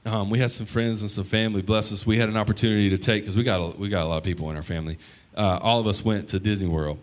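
A man in his thirties, a pastor preaching a sermon, telling the story conversationally and breaking into sudden loud bursts. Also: lowish voice, steady tone, very fast.

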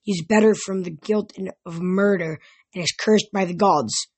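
A woman with a husky voice reading the lines of a smug, mocking male ghost king in an audiobook. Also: fairly low pitch, fairly even intonation, normal speed, a little mellow.

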